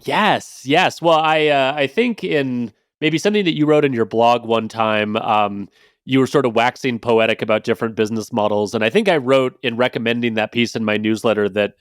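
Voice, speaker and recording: A man's voice: mid-range voice, normal speed, clean tone, no echo. Dry-sounding male podcast host. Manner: conversational, many fillers and restarts. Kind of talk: casual podcast talk.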